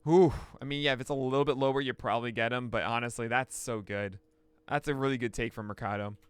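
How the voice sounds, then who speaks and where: A man hosting a pitching analysis, talking through each pitch with excitable outbursts. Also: fast talker, smooth, no echo. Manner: excitable, bursts into shouts and laughs. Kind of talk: excited play-by-play pitch breakdown.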